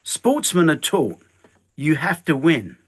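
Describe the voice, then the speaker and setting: A man's voice: on the high side, slow pace, slightly rough. An older man, a guest telling stories in an interview and acting out the lines he quotes. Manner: animated, acts out quoted lines. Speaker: guest, stuntman and filmmaker. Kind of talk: storytelling interview chat.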